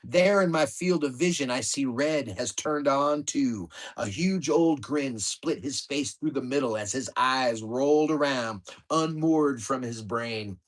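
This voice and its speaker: A man reads aloud from his own memoir in a middle-pitched voice. His delivery is wry and lively, and it rushes ahead at the exciting parts. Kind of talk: storytelling book reading.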